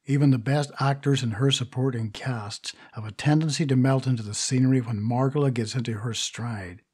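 A man reading the part of a vain, indignant stage actress in an audiobook, telling her tale in a gossipy, confiding way with a husky voice. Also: medium pitch, steady tone, fairly quick, a little mellow, natural voice. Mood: indignant gossip. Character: vain grand stage actress, middle-aged woman.

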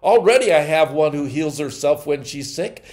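A man voicing God as a tireless, proud and gentle creator while reading a story aloud, in an earnest, measured way. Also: on the high side, expressive, pitched above the performer's own voice, lightly acted. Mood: tender.

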